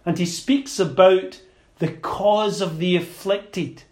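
A man preaching a sermon in a slow, deliberate and emphatic way, with small stumbles and repeated words. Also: a little high, a little mellow.

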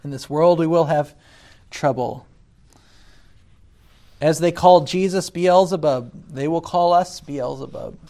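A man preaching a sermon, deliberate, rising loud when he quotes scripture and dropping soft between points. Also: a little high. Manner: deliberate, swells loud on scripture then drops quiet.

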